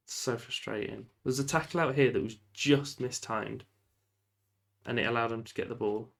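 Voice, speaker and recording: A man giving lively, casual commentary while playing a football management game, often shouting at the referee and laughing. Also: mid-range voice, moderate pace, vocal fry. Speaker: gaming YouTuber.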